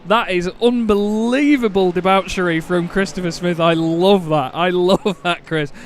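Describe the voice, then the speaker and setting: A man with a Northern English accent doing excitable, jokey live sim racing commentary, quick to laugh and exclaim. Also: sits high, slight background noise.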